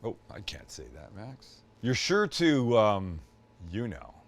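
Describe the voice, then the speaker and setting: A man's voice: on the low side, wildly swooping pitch, takes it slowly, creaky. An older man hosting a cooking show, chatting casually with joking, self-deprecating asides as he demonstrates a recipe. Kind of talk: casual cooking demo chat.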